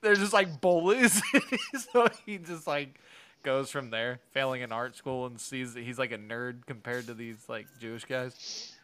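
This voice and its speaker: A man's voice: mid-range voice, measured pace, pushed and bright, a little hiss or hum. A man co-hosting a podcast in casual, crude chat, laughing often and swearing as he rambles. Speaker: podcast co-host.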